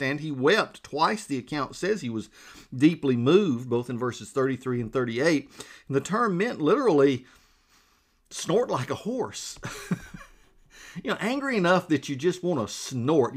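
A male preacher delivering a sermon in a friendly, conversational manner. His pitch sits in a plain middle range. He often chuckles, calls his listeners friends and asks them questions. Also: a bit bright.

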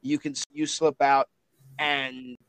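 A man's voice: medium pitch, flat delivery, slow pace, crowd noise, low-quality recording. A man narrating as game master in a loose, joking way. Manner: loose, filler-heavy, joking.

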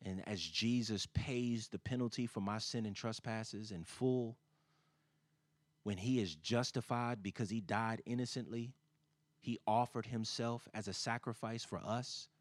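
Male preacher, unhurried sermon delivery; surges loud and high on scripture, falls quiet and close after; repeats key phrases; dry sound. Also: no echo.

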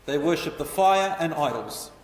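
A man telling a history story as a lecture, animated and putting questions to his listeners. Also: a little high, moderate pace. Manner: animated, asks the audience questions. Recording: echoey hall, voice from far off.

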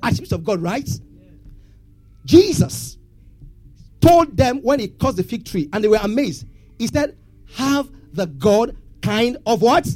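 A man's voice: very high voice, sing-song, measured pace, long pauses, darkish tone. A man preaching a sermon, asking the congregation questions and having them answer back. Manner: call-and-response questions to congregation. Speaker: pastor.

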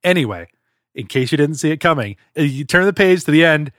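Man co-host, chatty and eager, somewhat high voice, dry close sound. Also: quick pace, fairly bright tone, dry recording. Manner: enthusiastic, chatty, fond of tangents. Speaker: podcast co-host. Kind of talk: casual chat.

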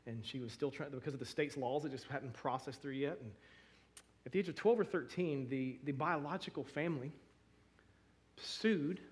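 A man in his thirties or forties, a pastor preaching a sermon, telling emotional stories with many restarts. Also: a little high.

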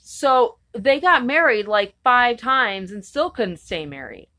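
A woman's voice: on the high side, expressive, slow, pushed and bright. A woman co-hosting a casual chat, rambling and irreverent, swearing freely. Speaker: podcast co-host.

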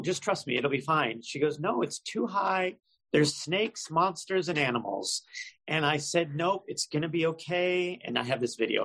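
A man in casual podcast chat, telling a self-mocking story with a gravelly voice. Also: medium pitch, fairly bright tone, poor audio.

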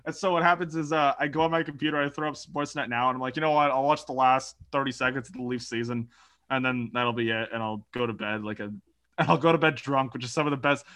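A man's voice: mid-range voice, fast, a bit bright. A young man co-hosting a casual sports podcast, telling a story animatedly with swearing and laughter. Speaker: podcast co-host. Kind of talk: casual chat.

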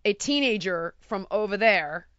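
A woman telling an anecdote in casual chat, animated and acting out quotes, often checking in with "right?". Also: mid-range voice, measured pace, no echo, muffled recording. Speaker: storyteller guest.

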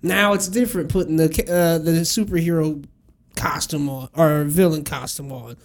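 A man in casual chat, speaking in a playful, animated way. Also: a little high, moderate pace.

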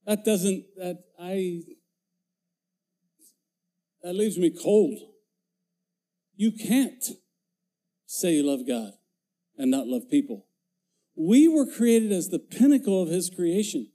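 A man's voice: sits high, animated, slow pace, long pauses, dark tone. An older man preaching a folksy, joking sermon in a church, growing emphatic as he goes. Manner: folksy, jokey, grows emphatic. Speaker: former pastor, guest preacher. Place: church sanctuary.

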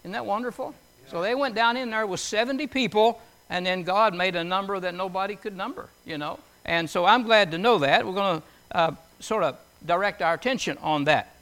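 An older man delivers a folksy sermon in a high, ringing voice. He moves between scripture readings and homespun stories, often putting questions to the congregation. His tone is bright and chatty. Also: fairly quick. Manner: conversational, asks the audience questions, tells homely stories. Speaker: preacher.

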